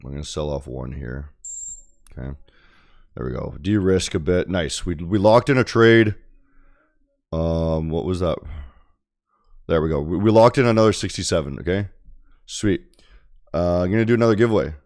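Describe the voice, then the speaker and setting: A man's voice: low-pitched, normal speed, creaky, long pauses, a little mellow. A man streaming his day trading in a loose, casual way, tossing in "okay?" and "right?" and swearing now and then. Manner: swears casually, restarts and repeats. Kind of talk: casual live-stream commentary.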